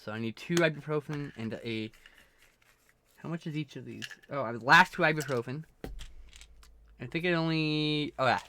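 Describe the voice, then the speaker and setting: A man's voice: a little high, normal speed, pauses often, sharp tone, a little hiss or hum. A man chatting casually on a live stream, rambling and self-mocking, swearing freely.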